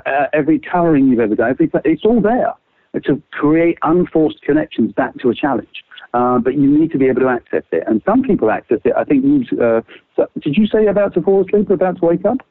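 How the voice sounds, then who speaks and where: A man who trains people in creativity, guiding the listener through quick exercises in a lively, swearing, casual way. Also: no room sound. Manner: lively, swings pitch widely, casual swearing. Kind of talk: animated explaining with quick exercises. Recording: dry, phone-like narrow sound.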